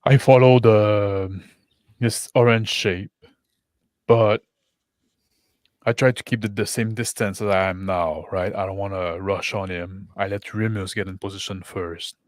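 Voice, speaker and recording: A man plays a tabletop game in a fairly low voice. He talks casually and checks in with the group. The recording is dry and close. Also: fairly even intonation, a little slow, dry recording. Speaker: player.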